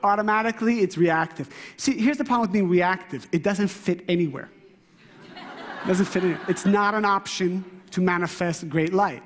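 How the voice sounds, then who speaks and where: A man giving an animated, interactive lecture to a live class, asking the room questions and shifting his voice often. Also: sits high, moderate pace, big-room sound. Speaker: spiritual teacher.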